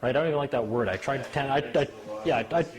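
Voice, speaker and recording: A man in casual talk to a small group, an animated storyteller who mimics officials in a higher voice. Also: fast, a crowd in the background. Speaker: speaker.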